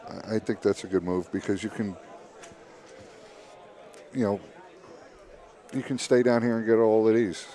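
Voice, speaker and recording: A man and pool player sitting in as guest commentator, casual and quick to laugh. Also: on the low side, fairly even intonation, mellow. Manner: casual, laughs easily, short reactions. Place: commentary booth at a billiards hall.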